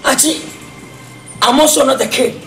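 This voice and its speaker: A hot-tempered, high-voiced haggler. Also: male voice, normal speed, over music. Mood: angry. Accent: Ghanaian. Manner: shouting, insistent, repeats himself. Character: hot-tempered man haggling over his car. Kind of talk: film drama acting.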